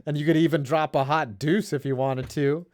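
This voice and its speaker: A man with a smooth, clear, slightly high voice hosts a relaxed sports stream. He chats loosely and swears freely, and his sentences often sink into quiet mutters. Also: normal speed. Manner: loose, profane, trailing off into low mumbles. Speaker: stream host reading viewer donations. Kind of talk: casual sports chat.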